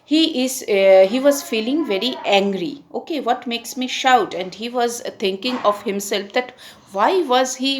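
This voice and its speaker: A woman's voice: a little high, unhurried, a little hiss or hum. A woman teacher, patiently explaining a poem to young pupils and often checking in with them. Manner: patient, repeats and checks with "okay?" and "isn't it?".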